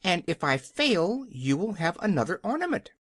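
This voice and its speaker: A reader voicing a proud, indignant female hen in a storybook, talking in a high, quick, chatty way. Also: big pitch swings, a bit bright, no echo, clean studio sound.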